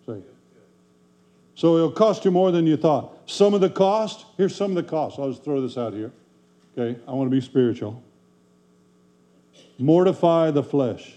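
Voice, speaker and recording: A man's voice: fairly high pitch, moderate pace, pauses often, warm tone. A man preaching a sermon in a folksy, conversational way, full of rhetorical questions to the congregation. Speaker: pastor.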